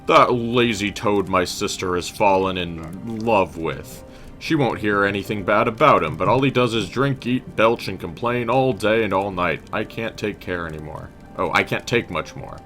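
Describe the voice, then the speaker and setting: A man's voice: lowish voice, moderate pace, fairly bright tone, faint music behind, close to an everyday voice. A man voicing a weary male innkeeper from a fantasy game, reading his complaints aloud. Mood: grumbling. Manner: reads quest dialogue aloud, slightly raised. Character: weary male innkeeper, grumbling about a lazy in-law.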